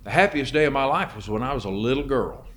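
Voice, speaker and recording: A man's voice: mid-range voice, lively intonation, fast, a bit bright, natural voice. A man preaching who quotes an elderly mother tenderly as she recalls her girlhood.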